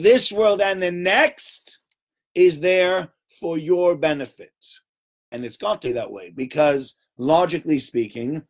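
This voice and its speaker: A man giving an informal Torah talk to a small group, conversational and animated, often checking in with "right?" and acting out little voices. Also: on the high side. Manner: acts out little voices and sounds while telling stories.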